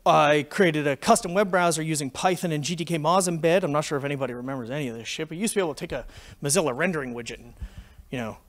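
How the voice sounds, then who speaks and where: A Canadian man in his forties gives a conference talk, speaking rapid-fire in a fairly high voice. His profane, anecdotal tech talk is an animated story in which he swears freely.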